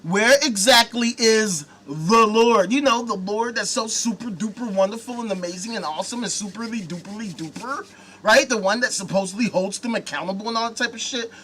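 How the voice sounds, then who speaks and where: A man's voice: sits high, fast, fairly bright tone. A man hosting a live talk show, ranting angrily and sarcastically with heavy swearing. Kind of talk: profane live-stream rant.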